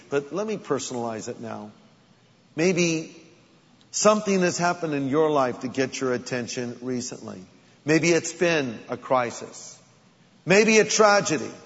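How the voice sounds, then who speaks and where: A man with a high voice preaches a sermon, shifting between easy conversation and sudden dramatic emphasis. His voice rings with long hall reverb on a dull, lo-fi recording. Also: fairly bright tone. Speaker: pastor.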